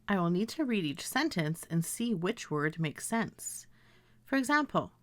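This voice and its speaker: A woman teacher giving a recorded grammar lesson, reading example sentences slowly and carefully. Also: mid-range voice, sing-song, no echo.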